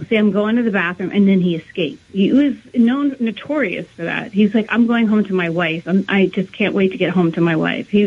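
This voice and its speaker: A woman, around her thirties, tells a personal story as a guest in an earnest, rambling way, often acting out the dialogue she quotes. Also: medium pitch. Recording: narrow phone-like line.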